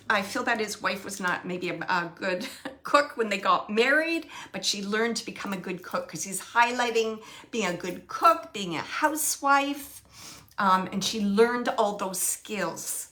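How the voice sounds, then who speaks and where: A woman working as a medium, relaying a spirit's messages in soft, halting phrases that often drop to a whisper. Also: medium pitch. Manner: repeats phrases and pauses searching for words. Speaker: psychic medium. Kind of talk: channeling a spirit reading.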